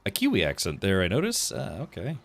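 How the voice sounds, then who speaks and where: A man's voice: low voice, huge pitch swings, brisk, gravelly, fairly bright tone. A man hosting a let's play stream, chatty and easily distracted while he plays. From United States. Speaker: streamer host.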